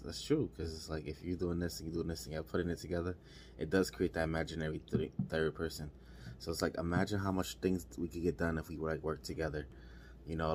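A man's voice: low voice, a little mellow, a little hiss or hum. A man talking casually and repetitively, encouraging listeners to work as a team. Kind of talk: motivational monologue.

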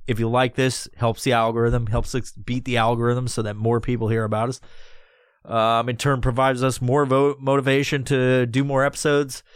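A man's voice: medium pitch, flat delivery, moderate pace, clear, resonant tone, no echo, studio quality. A man hosting a solo podcast, rambling loosely and swearing constantly as he jokes his way through a history talk. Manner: profane, rambling, loose and jokey. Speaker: podcast host. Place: recording alone.

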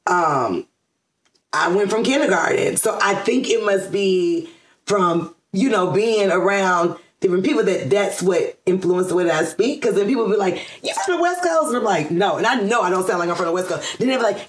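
A woman from Georgia in the US chats casually as an interview guest, her voice medium in pitch and her pace moderate. She rambles with plenty of fillers and restarts, laughing often. The recording has a roomy echo.

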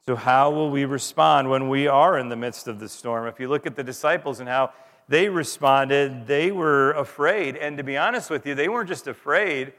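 A man in his thirties preaching a conversational sermon as pastor, with dramatic pauses and gentle self-deprecating humor. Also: medium pitch. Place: church sanctuary. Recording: long reverb of a large hall.

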